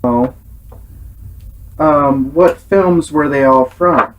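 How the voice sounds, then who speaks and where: A man's voice: a little high, very slow, low-quality recording. A man hosting a casual film review, earnest and exasperated in his critique. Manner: earnest, exasperated critique, sometimes imitates sounds.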